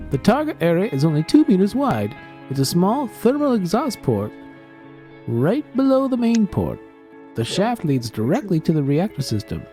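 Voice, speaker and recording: A woman's voice: mid-range voice, dark tone, pitched above the performer's own voice, close to an everyday voice. A woman reading a stern male rebel general's briefing at an amateur table read, in a plain reading voice.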